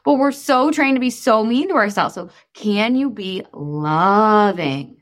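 A woman in her thirties coaching listeners in a casual, chatty talk, animated and full of fillers. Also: mid-range voice, unhurried. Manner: breaks into voices for quotes. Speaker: weight-loss coach.

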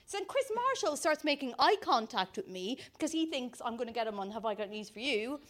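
A woman's voice: a little high, sing-song, fairly quick. A woman in her thirties telling a comic story as a guest, self-mocking and laughing as she goes. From Ireland. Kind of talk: comic anecdote on a live podcast.

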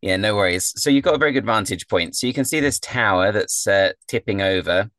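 Low-voiced man running a tabletop game. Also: brisk, a bit bright, no echo. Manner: descriptive with frequent fillers. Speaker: game master.

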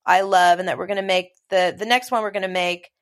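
Chatty middle-aged woman telling a story. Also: fairly low pitch. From Los Angeles. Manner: chatty, animated storytelling with quick asides. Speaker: interview guest, film producer. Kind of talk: casual conversation.

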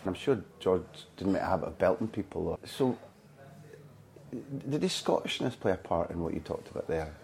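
A man from Scotland hosts a conversational interview in a low, mellow voice. His questions are long and probing, and he draws his guest out patiently. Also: expressive, moderate pace, gravelly. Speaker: podcast interviewer.

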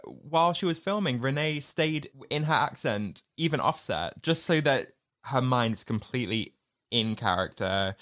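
Lively, chatty man co-hosting. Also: mid-range voice, moderate pace. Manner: lively, giggly storytelling of film trivia. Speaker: podcast co-host. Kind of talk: casual chat.

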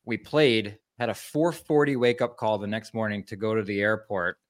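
A man, a former hockey player co-hosting a sports show, tells stories in a halting, self-mocking way. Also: fairly low pitch, fairly even intonation. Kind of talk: casual sports talk.

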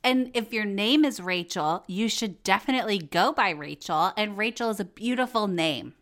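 A woman hosting a casual podcast, her voice hoarse and cracking in and out, chatty and joking, with free swearing. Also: mid-range voice, normal speed, fairly bright tone. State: hoarse, voice going in and out. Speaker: podcast host.

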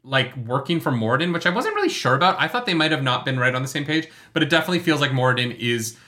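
A young co-host on a casual book podcast who teases, swears freely, laughs a lot and spins quick theories. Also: medium pitch, very animated, bright, forceful tone. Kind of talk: casual book-club chat.

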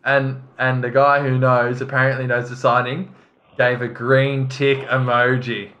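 A man's voice: mid-range voice, flat delivery, measured pace, dull audio, noisy background. A man co-hosting a football podcast, telling stories in a rambling, stop-start way with many restarts. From Australia. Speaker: podcast co-host. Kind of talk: casual chat.

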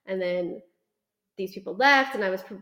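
A young woman co-hosting a podcast tells a story in casual chat and acts out the people in it with lively voices. Her pitch sits in the middle range. The recording carries a roomy echo. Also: normal speed. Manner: animated storyteller, acts out quoted customers. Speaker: podcast co-host.

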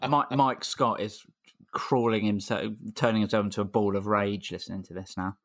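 A man's voice: lowish voice, fairly even intonation, moderate pace, fairly bright tone. A man co-hosting a casual football podcast, a laid-back storyteller who swears casually. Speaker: podcast co-host.

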